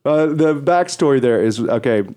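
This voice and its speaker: A man's voice: mid-range voice, expressive, moderate pace, dark tone, clean tone. A middle-aged man from Texas with an East Texas accent, a radio co-host telling stories animatedly with many fillers and laughs. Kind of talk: casual storytelling interview.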